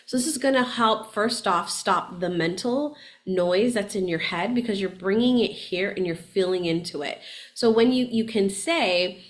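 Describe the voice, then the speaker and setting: A woman hosting a podcast in casual coaching talk, chatty and animated, often checking in with "right?" and laughing as she talks. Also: medium pitch, normal speed. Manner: laughs often while talking. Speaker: podcast host and spiritual coach.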